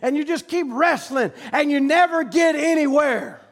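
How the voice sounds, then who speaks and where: High-pitched shouting preacher man. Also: normal speed. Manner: storytelling that builds to shouted preaching. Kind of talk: sermon.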